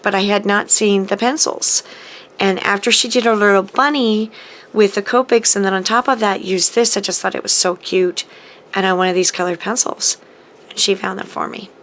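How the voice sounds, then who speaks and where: A woman's voice: medium pitch, fairly bright tone. Chatty woman gushing over craft mail. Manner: chatty and gushing, with frequent ums and restarts. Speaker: papercrafting channel host. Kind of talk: casual happy-mail chat to camera.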